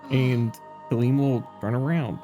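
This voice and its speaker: A man narrating his character's farewell in a tabletop game, slow and halting. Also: mid-range voice, music in the background. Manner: slow, hesitant with fillers, animated. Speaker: player.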